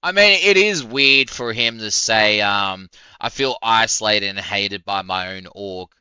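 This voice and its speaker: Low-voiced man ranting heatedly. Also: unhurried, pushed and bright, clear, resonant tone, no echo, muffled recording. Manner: profane, heated, indignant outbursts. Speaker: streamer reacting to a video. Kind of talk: casual reaction commentary.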